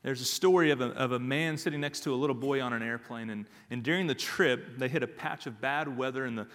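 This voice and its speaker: A man's voice: medium pitch, quick pace, fairly bright tone, big-room sound. A man preaching a sermon as pastor, emphatic and repeating his key phrases.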